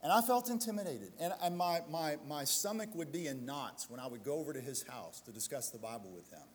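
A man's voice: on the high side, expressive, brisk, long reverb tail. A male pastor preaching a sermon, building to emphatic exhortation and slipping into self-deprecating storytelling asides.

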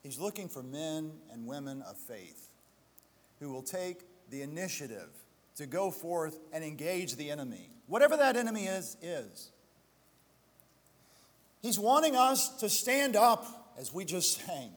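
Male pastor, sermon, high animated voice, emphatic, long reverb hall. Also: unhurried. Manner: emphatic, building to loud exhortation; self-deprecating storytelling asides.

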